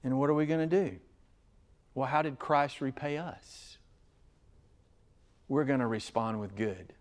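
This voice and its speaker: A man preaching an expository sermon as pastor, earnest and emphatic, swinging between loud stressed phrases and quiet asides. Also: medium pitch, unhurried.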